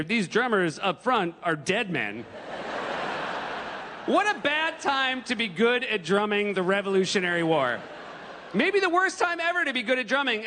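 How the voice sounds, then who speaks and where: A man with a high-sitting voice does stand-up on a theater stage, spinning stories and acting out the quoted lines with animation. The sound carries the feel of a large hall, with slight background noise.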